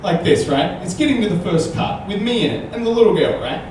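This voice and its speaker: A male comedian telling a stand-up story and chatting on stage, animated and tagging lines with "right?". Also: sits high, quick pace. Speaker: comedian guest. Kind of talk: live stand-up storytelling and chat. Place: small comedy venue with audience. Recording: echoey live room, distant mic, noisy.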